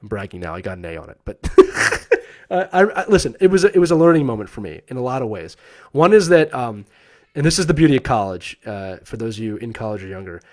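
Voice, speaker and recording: Talking fast at a medium pitch, this thirtysomething streamer shares a personal story in a loose, animated way. He mimics the voices of the people he quotes and laughs a lot along the way.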